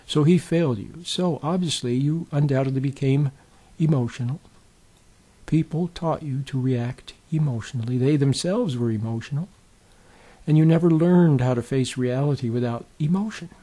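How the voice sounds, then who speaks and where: Male spiritual teacher, gentle folksy talk, warm husky voice. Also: mid-range voice, moderate pace. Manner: gentle, repeatedly checks in with the listener; folksy storytelling with many fillers and restarts.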